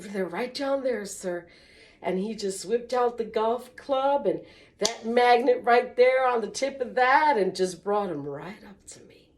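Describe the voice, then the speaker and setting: A woman slowly telling a personal story in an earnest, testimonial way, breaking into small religious exclamations. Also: a little high.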